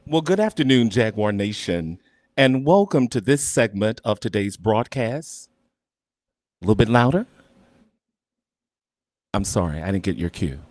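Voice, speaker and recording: A man's voice: on the low side, sing-song, unhurried, pauses often, darkish tone, no echo. A man hosting a live fundraising broadcast, speaking with an emphatic, preacher-like cadence. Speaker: broadcast host.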